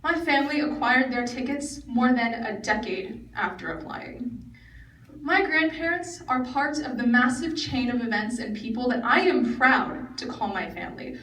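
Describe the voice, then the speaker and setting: A woman's voice: on the high side, animated, moderate pace, a bit bright, far from the mic. A teenage girl giving an earnest, prepared speech as a student speaker in a large convention hall. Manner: earnest, recited delivery. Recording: echoey hall recorded from afar, faint noise.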